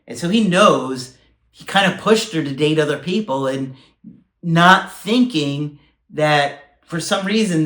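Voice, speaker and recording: A man's voice: a little high, fairly bright tone, reverberant. A man working as a relationship coach, talking candidly and emphatically in a podcast discussion.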